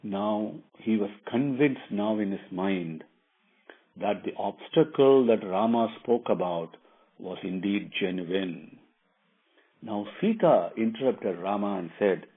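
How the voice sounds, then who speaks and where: A man retells a scripture in a devotional discourse, explaining admiringly and often pausing with fillers. His voice is husky, and the recording is thin and narrow, like a phone line. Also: fairly low pitch. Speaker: spiritual storyteller.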